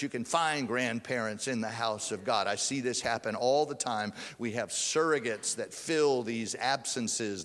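A man delivers a sermon from the pulpit, his voice sitting at an ordinary middle pitch. He lifts his pitch and force when he presses a point. The sound rings on with the long reverb of a church hall. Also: a bit bright. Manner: preaching, rising in pitch and force for emphasis. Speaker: pastor. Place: church sanctuary.

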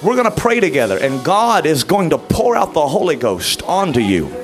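Male pastor, high lively voice, leads altar call and pleading prayer over music. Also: normal speed. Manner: pleading, rising to shouted fervent prayer. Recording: music playing behind.

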